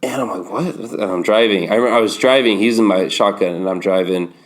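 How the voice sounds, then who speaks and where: A man in his thirties with a fairly low voice shares his story as a podcast guest. He speaks candidly and vividly, slipping into the voices of the people he quotes. His delivery stays conversational and unscripted. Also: fast. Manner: vivid storyteller who acts out remembered dialogue.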